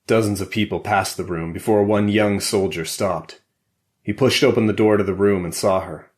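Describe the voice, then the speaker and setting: Deep-voiced man narrating a thriller. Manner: measured, steady. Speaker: audiobook narrator. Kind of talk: scripted narration.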